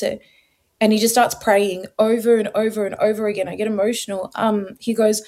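A woman's voice: medium pitch, fairly even intonation, moderate pace, a little mellow. A young woman from Australia tells her personal story as an interview guest. She talks earnestly and vividly, slipping into her own past thoughts as she goes.

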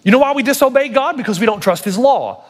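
Male pastor, high voice, impassioned sermon delivery, acts out quotes. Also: animated, fast talker. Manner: preaches with rising emphatic intensity; acts out quoted prayers and God's words.

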